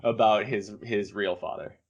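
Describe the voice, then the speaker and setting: Chatty man in a relaxed podcast talk. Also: lowish voice, normal speed, highs cut off. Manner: relaxed, chatty, agrees often with short yeahs. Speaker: podcast co-host. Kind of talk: casual anime podcast chat.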